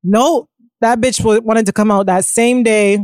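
A young woman's fairly high voice, talking casually as an interview guest. She tells her story in a fast, animated rush, swears freely and acts out what people said. The sound is dry and close. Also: no echo. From Caribbean family. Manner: animated, swearing, quick storytelling with acted quotes. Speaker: musician guest.

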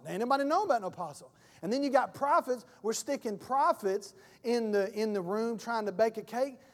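A folksy man pastor preaching a sermon, dropping into little acted voices as he tells his stories. His voice sits high, and a long reverb trails after it in the church.

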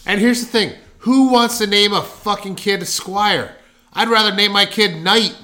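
A man's voice: high voice, unhurried, pushed and bright. A man in casual chat as a podcast co-host, ranting emphatically and swearing a lot.

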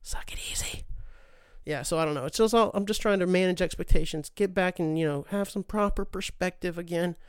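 A man's voice: sits high, fast, few pauses, clear, resonant tone, no echo, studio quality. A man hosting a podcast, rambling in a profane, self-deprecating monologue and saying dude a lot. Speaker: podcast host. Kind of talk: casual monologue.

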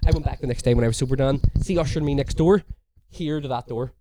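A man's voice: medium pitch, fast, noisy background. A young man telling a rambling story in casual chat on a podcast, swearing freely and acting out what people said. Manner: rambling, swears a lot, acts out quotes.

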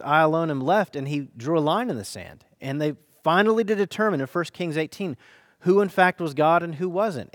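A man's voice: on the high side, no room sound, studio quality. Earnest American man preaching a sermon. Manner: earnest preaching with dynamic emphasis, slowing for key phrases. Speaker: pastor.

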